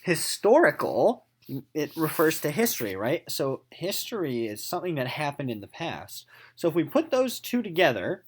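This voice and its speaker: A man's voice: on the high side, moderate pace, slightly rough. A man teaching sixth-grade literature in a recorded remote lesson, explaining terms and reading a novel aloud, restating each point in simpler words and checking in often with "okay?". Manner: animated, keeps checking in with "okay?" and "right?".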